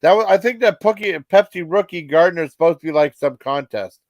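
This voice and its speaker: A man in his fifties telling rambling personal stories as a vlog host, halting with many fillers and restarts. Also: fairly high pitch, no room sound, lo-fi sound.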